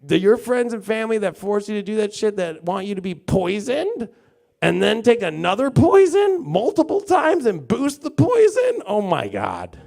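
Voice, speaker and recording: A man's voice: sits high, wildly swooping pitch, moderate pace, creaky, darkish tone. A man giving a casual live-stream tarot and astrology reading, rambling, swearing freely and acting out mocking quotes. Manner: rambling, filler-heavy talk.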